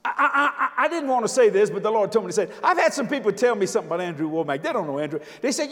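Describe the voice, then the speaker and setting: An older man preaches in a strikingly high voice, joking with the crowd and hammering his points home with sudden shouts. His words ring out with a long reverb, as if recorded across a large church hall. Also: very animated, quick pace, few pauses. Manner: emphatic, jokey preaching with sudden shouted lines. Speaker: visiting preacher. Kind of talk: sermon.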